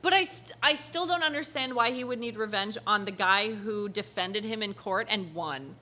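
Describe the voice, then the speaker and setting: A woman voicing a spirited, anxious teenage girl sidekick in a game, lively and worried. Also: medium pitch, normal speed, background noise, lightly acted. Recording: loud game music behind.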